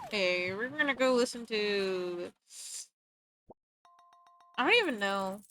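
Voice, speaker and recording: A woman livestreaming while she draws, chatting in an animated, joking, self-mocking way and laughing easily. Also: mid-range voice, slow, rough recording. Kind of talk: casual stream chat while drawing.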